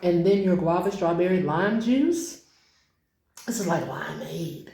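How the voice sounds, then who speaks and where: A young woman chatting casually to viewers while cooking and tasting food in her home kitchen, excitable and informal. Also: on the low side, a little slow, creaky, reverberant, crowd noise, rough recording.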